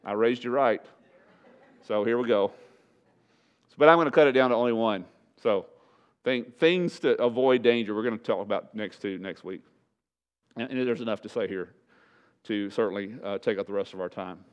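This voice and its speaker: A man's voice: normal speed, long pauses, smooth. A male pastor preaching a sermon in a church, speaking with emphasis and repeating his key phrases. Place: church sanctuary. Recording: dull low-fidelity church recording.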